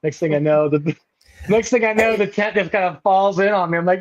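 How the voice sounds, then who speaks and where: A man's voice: fairly quick, muffled recording. A man telling a camping story in casual chat, acting out the people he quotes. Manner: animated, acts out quotes with big pitch jumps. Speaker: podcast guest.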